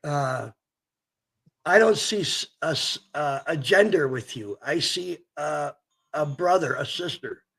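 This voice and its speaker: A man hosts a veterans' talk, halting and searching for words, swearing loosely. His voice is high with a gravelly, raspy grain and a bright edge. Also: expressive. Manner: halting, warm-hearted, swears casually. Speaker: podcast host, former corpsman. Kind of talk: casual interview chat.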